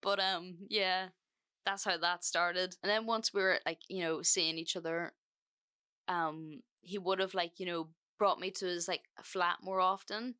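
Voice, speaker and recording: A woman's voice: fairly low pitch, steady tone, unhurried, pushed and bright, clear, resonant tone. A young woman hosting a podcast, telling a breakup story in a casual, frank way that is full of swearing and fillers. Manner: chatty, frank, swears freely, many fillers. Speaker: podcast host.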